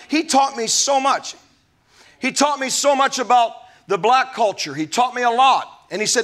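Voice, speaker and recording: A male pastor delivers a sermon in a high, bright, forceful voice. He preaches with emphasis and drops in folksy asides. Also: lively intonation, measured pace.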